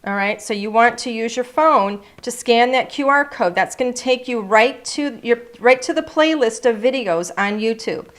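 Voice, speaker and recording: A woman's voice: a little high, normal speed, hardly any pauses, fairly bright tone. A woman presenting craft products in a casual, chatty showcase, gushing over each item and sometimes hunting for words.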